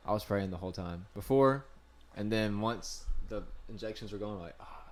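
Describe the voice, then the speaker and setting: Laid-back low-voiced man, numb-mouthed. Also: fairly quick. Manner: laughs often, easygoing. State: mouth numb after dental work. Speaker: podcast co-host. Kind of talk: casual podcast chat.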